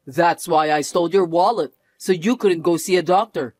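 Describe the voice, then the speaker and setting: A man's voice: on the high side, normal speed, dry recording, natural voice. An actor playing a mocking, controlling young husband who laughs often as he sneers. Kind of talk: narrated drama acting.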